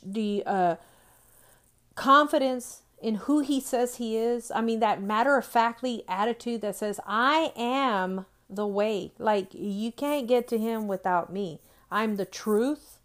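A woman in her forties giving an earnest faith-based motivational talk, repeating phrases and often asking "right?". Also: on the high side. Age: 40s. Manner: earnest, repetitive, with frequent "right?" tag questions. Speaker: Christian speaker.

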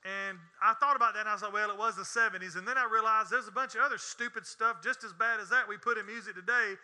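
A man preaching a sermon, folksy and joking, moving between quiet asides to the congregation and loud, emphatic points. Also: high voice, fairly even intonation, fast. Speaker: pastor.

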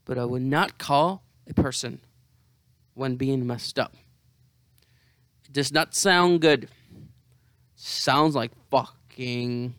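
A man's voice: mid-range voice, slow, long pauses, a bit bright, no echo, clean studio sound. A hungover young man rambling to camera in a profane, self-mocking monologue. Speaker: vlogger.

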